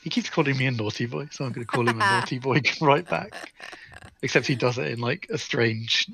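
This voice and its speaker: A man's voice: mid-range voice, animated, fairly quick, sharp tone, breathy edge. A man chatting casually on a live stream, making dry, self-deprecating jokes.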